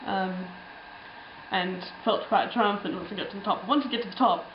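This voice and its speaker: A woman's voice: medium pitch, normal speed, echoey room, highs cut off, noisy background. Chatty young woman with lots of ums. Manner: rambling, chatty, frequent ums and laughs. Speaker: travel vlogger. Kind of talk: casual travel storytelling.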